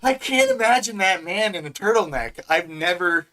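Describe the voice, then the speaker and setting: A man's voice: high-pitched, animated, normal speed, bright, forceful tone. A man co-hosting a podcast in casual chat, crude and ranting, laughing often. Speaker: podcast co-host.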